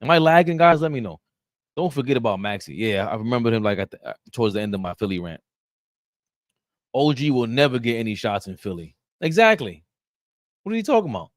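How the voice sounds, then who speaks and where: A man hosting a loose live-stream sports talk show, reading viewer comments and ranting in an animated, bantering way. His pitch sits in an ordinary middle range, and the sound is close and dry, with no room echo. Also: fairly quick.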